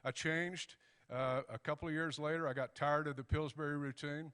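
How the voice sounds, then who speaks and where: A middle-aged man tells an anecdote to a club audience in a relaxed, folksy way. He acts out both sides of old conversations as he goes. His voice carries a long, reverberant hall tail. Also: a little high, normal speed, clean tone. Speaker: guest speaker. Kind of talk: storytelling speech. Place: banquet hall.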